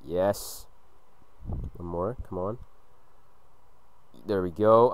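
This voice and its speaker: A man hosting a gaming video, giving excitable let's play commentary, swearing and shouting at the game from a hot room at home. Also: low-pitched, drawn-out words, poor audio.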